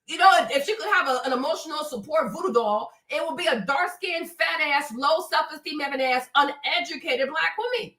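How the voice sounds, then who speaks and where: A woman's voice: sits high, fairly quick, hardly any pauses, pushed and bright. A woman hosting an opinionated live-stream commentary, blunt and profane, who keeps checking in with her audience with "right?" and "okay?". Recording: roomy, distant mic.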